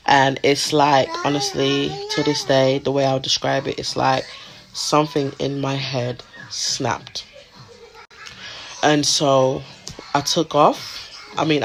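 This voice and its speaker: A woman with a deep, low-set voice tells her own story to camera, candid and emotional. She drifts from hushed confiding to raised outbursts, with faint music underneath. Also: creaky. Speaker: vlogger.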